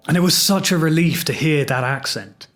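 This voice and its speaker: A man's voice: a little high, fairly bright tone. A man from England with an English accent, hosting a solo podcast and telling his own story in a reflective, wry, self-deprecating way. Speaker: podcast host.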